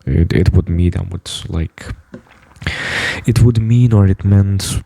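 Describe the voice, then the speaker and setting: Man, deep gravelly voice, dark tone, dry close sound, brash and profane vlogger. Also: slow pace, no room sound. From United States. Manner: blunt, profane, boastful. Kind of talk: boastful monologue to camera.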